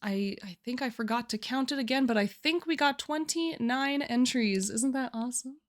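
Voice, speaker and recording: A woman's voice: on the high side, normal speed. A young woman streaming live, chatting casually and giggling often as she walks through her writing challenge. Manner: chatty, giggly, restarts phrases.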